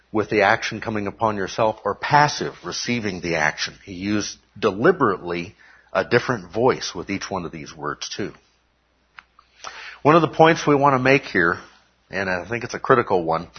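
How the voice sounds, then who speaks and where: At a church service, a man preaches to his congregation, teaching step by step and often checking in with "okay?" His voice is on the low side with a breathy edge, captured in a dull lo-fi recording.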